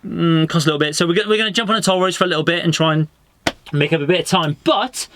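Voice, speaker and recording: A man's voice: on the high side, fast, fairly bright tone. A British man talking casually in a travel vlog, jokey and rambling with restarts, recorded outdoors and in a van in the mountains. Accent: British English. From United Kingdom. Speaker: vlogger. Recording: noisy outdoor camera audio.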